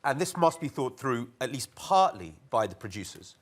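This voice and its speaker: A man speaking as a panelist at a conference, lively and wry, often quoting others in mock voices. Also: medium pitch, moderate pace. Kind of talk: panel discussion remarks. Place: conference hall.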